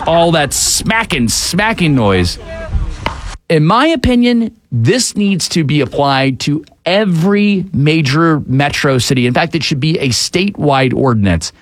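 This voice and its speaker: A man hosting a talk show, giving casual, opinionated commentary on the news with frequent fillers. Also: on the high side. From Atlanta area, USA.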